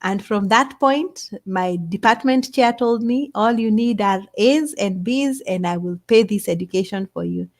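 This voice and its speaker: A middle-aged woman, telling a story as an interview guest in an animated way. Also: mid-range voice, a little slow, hardly any pauses. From Kenya. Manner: animated, acts out others' voices. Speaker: guest scientist.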